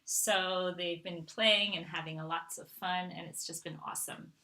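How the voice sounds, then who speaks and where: A woman's voice: lowish voice, steady tone, moderate pace, sharp tone. A middle-aged woman from Canada hosting a casual live Q&A, chatting and reading out viewer questions. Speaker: host.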